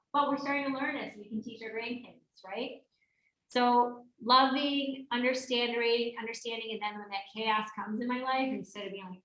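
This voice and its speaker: A woman's voice: a little high, a bit bright, highs cut off. Chatty woman presenter in a roomy space. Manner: conversational, acts out quoted voices. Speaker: workshop presenter. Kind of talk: live workshop talk. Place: workshop room at a yoga studio. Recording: roomy echo.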